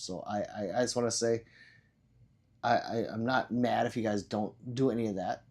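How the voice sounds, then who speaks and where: A man's voice: medium pitch, normal speed, darkish tone. Rambling man chatting on a livestream. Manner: rambling, loose, swears casually. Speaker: livestream host. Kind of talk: casual livestream chat.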